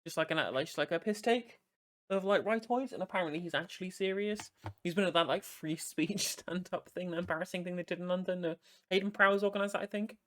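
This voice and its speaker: A woman's voice: lowish voice, fast talker, a little hiss or hum. A woman streamer reacting to a TV debate in a rambling, sarcastic casual chat, full of "like". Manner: rambling, heavy use of "like", sarcastic.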